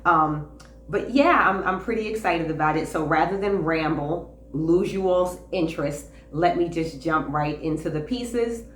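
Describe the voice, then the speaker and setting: A woman hosts a casual fashion haul vlog on her channel, talking enthusiastically to camera in an indoor room with a clothing rack, with a few fillers and repeats. Her voice sits low at a measured pace, and the recording has roomy echo, a distant mic, and faint hiss.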